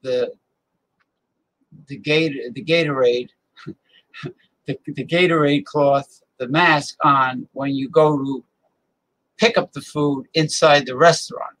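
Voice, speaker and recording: A man's voice: mid-range voice, fairly even intonation, slow, long pauses, a bit bright, poor audio. A male host in a casual chat who rambles while giving advice.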